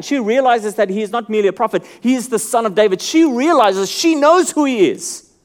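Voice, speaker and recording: A man preaching a sermon with a high voice. He explains scripture in a steady teaching tone, then climbs into loud, pleading cries and sinks to near-silent, hushed lines. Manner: expository preaching, shifting between calm teaching and loud pleading. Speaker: pastor.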